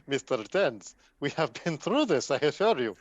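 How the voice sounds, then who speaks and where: A man's voice: a little high, sing-song, moderate pace, dry recording, soft background music. A man voicing a pompous, grandiose bard who speaks of himself in the third person, over dull lo-fi call audio.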